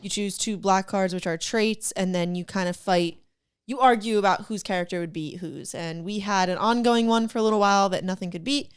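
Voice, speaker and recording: Giggly young woman, smooth voice. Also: mid-range voice, fairly quick. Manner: giggly, rambling with many fillers. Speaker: podcast co-host. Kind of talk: casual chat.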